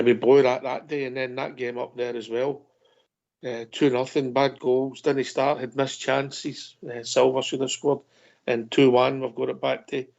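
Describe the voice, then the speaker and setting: A man hosts a football phone-in in casual chat. He talks in a measured, hesitant way with a gravelly voice. His voice sits in a middle range, and the audio is dull and lo-fi. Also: mid-range voice, a little mellow. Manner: measured, hesitant, fills with "uh" and "mate". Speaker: host.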